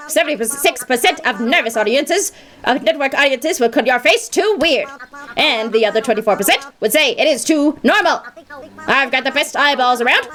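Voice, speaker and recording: Woman doing a cocky tv-network cowpoke scout, spouting percentages, high lively voice. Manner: smug, fast-talking, quoting statistics.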